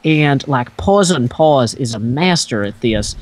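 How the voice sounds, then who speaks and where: A man's voice: medium pitch, animated, a little slow, no echo. A man with a Southern American twang, a guest in a casual late-night chat, talking in a dry, self-deprecating drawl.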